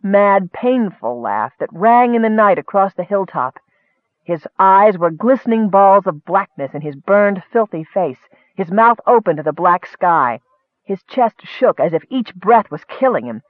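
A man narrating a fantasy story in a steady, measured audiobook reading. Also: high voice, dry recording, phone-quality sound.

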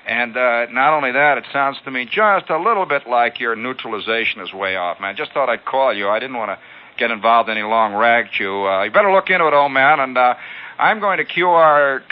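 A man voicing a gruff, condescending veteran radio operator who lectures and brushes him off, heard on a lo-fi old radio broadcast. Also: mid-range voice, close to an everyday voice. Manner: brusque, lecturing, dismissive.

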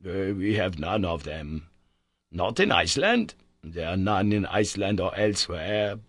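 Narrator doing a polite earnest scholar, slow and kinda husky. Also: male voice, sits low, fairly bright tone, no echo, exaggerated voice. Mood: sad. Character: worthy, earnest male Icelandic scholar.

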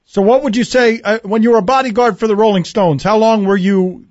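A male radio host interviewing a guest with brisk, pointed questions. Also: high-pitched, fairly even intonation, darkish tone, dry recording, lo-fi sound.

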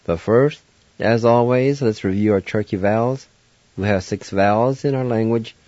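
A man's voice: lowish voice, normal speed, a little mellow, no room sound. A man hosting a radio language lesson, spelling out words letter by letter and repeating each syllable methodically. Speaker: radio host teaching language vocabulary. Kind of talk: slow, patient spelling and pronunciation drill. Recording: dull lo-fi radio recording.

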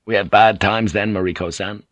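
A man's voice: fairly low pitch, steady tone, normal speed, a bit bright, no room sound, lightly acted. A man reading an audiobook, voicing an earnest, plain-spoken English sea captain who is serious and weary.

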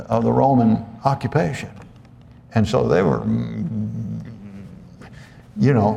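A man's voice: mid-range voice, creaky, darkish tone, in a large hall. A man preaching a conversational sermon as pastor, with many restarts and asides to the congregation.

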